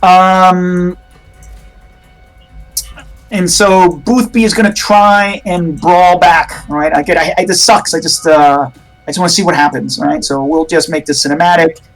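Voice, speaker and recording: A man's voice: high-pitched, steady tone, a little slow, faint music behind, poor audio. A man running a tabletop horror game as game master, narrating in a rambling way with many restarts.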